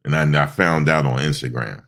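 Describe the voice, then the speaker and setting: Here a man with a bass voice and a fairly bright tone, sounding stuffed up, chats on a casual live stream. He meanders from story to story, leaning heavily on fillers.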